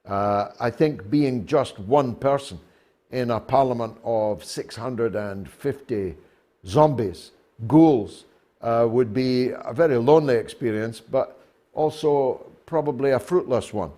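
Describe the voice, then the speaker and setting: Slow, wry male talk show host. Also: medium pitch, dark tone. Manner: slow, deliberate, wry, many filler pauses. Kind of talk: talk show monologue and interview.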